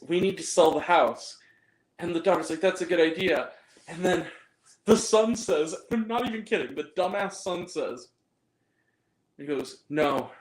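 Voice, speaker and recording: A man casually reviewing a movie in a blunt, rambling, profane way. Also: sits high. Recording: roomy echo.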